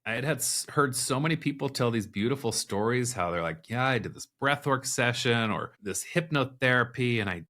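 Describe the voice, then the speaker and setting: A man's voice: medium pitch, fairly quick, hardly any pauses. A man, a podcast guest, candidly retelling a personal experience, acting out the thoughts and voices in it. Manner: candid, animated retelling with quoted inner dialogue. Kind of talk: personal storytelling in an interview.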